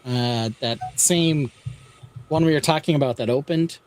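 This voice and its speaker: A man hosting a podcast, explaining a build in a halting way with many fillers. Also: on the high side. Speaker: podcast host. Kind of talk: casual show-and-tell chat.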